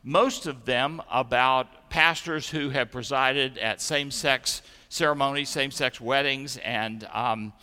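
A middle-aged man preaching a sermon, telling stories gently and then preaching with energy. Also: mid-range voice, measured pace, few pauses, clean tone. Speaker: pastor. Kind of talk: sermon and children's message. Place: church sanctuary. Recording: echoey church sanctuary.

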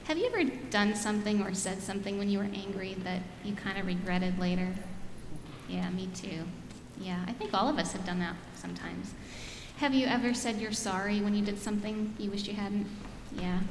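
A woman's voice: mid-range voice, brisk, background noise. A woman pastor giving a children's message and sermon, speaking simply and leading prayers in a church. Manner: warm, simple talk to children, leads prayers. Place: church sanctuary. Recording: echoey church hall, faint ambience.

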